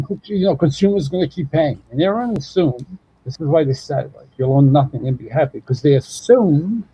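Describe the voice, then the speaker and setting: A man's voice: fairly high pitch, dark tone, slightly rough, dry recording, poor audio. A man with a New Zealand accent, talking casually and rambling with lots of swearing and fillers as a podcast host. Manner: rambling, profane, fast talk with many fillers. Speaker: show host.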